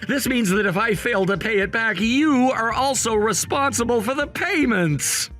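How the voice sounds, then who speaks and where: A man's voice: extremely high pitch, animated, moderate pace, fairly bright tone, soft background music. A man voicing a calculating grown son who talks in a firm, matter-of-fact way, in a voiced story drama. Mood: cold.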